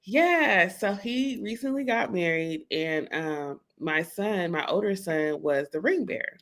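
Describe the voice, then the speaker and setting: A woman co-hosting a casual podcast about motherhood, telling a story lively and acting out her child's lines. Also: on the low side, a little slow. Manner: animated storyteller, acts out her son's voice. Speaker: podcast co-host. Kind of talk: casual chat.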